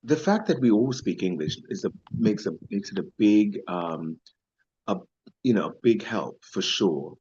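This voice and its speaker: A man's voice: lowish voice, animated, a little slow, darkish tone, husky, highs cut off. A middle-aged man from Belize with a Belizean accent, speaking as an interview guest in a thoughtful, hesitant way with many fillers. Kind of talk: casual conversational interview.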